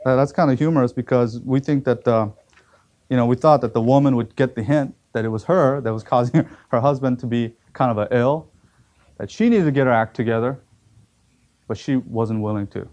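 A man's voice: medium pitch, brisk, darkish tone, muffled recording. A man preaching a sermon, telling a story with acted quotes and emphatic repetition.

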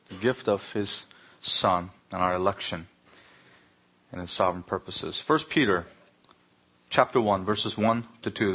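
A middle-aged man, preaching a sermon full of personal stories and acted-out dialogue. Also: sits low. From Korea. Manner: anecdotal, animated when acting out dialogue. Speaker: pastor. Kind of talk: sermon with storytelling.

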